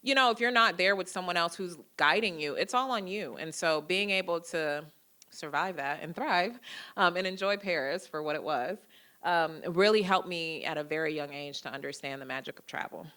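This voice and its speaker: A woman in her thirties speaks to a lecture audience in a lower register with a bright, forceful edge. She tells personal stories in a lively way and acts out the dialogue in them. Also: moderate pace, smooth. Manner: lively storytelling, acting out quoted dialogue. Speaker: guest lecturer. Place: lecture hall.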